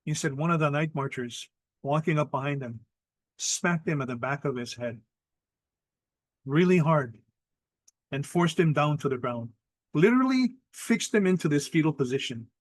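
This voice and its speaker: A middle-aged man with a Hawaiian accent, telling a traditional ghost story in lively spoken style, mixing in Hawaiian words and acting out voices. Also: a little high, normal speed, pauses often, no echo. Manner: animated, acts out quoted voices, mixes in Hawaiian words. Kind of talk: oral storytelling.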